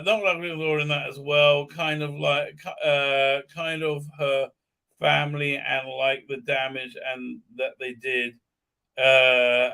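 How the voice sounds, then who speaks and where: A man hosts a live commentary stream, ranting sarcastically, swearing, and mocking what he reads with put-on silly voices. Hesitant, he fills his speech with fillers and restarts. His mid-range voice is creaky, pushed and bright, with a clear, resonant tone.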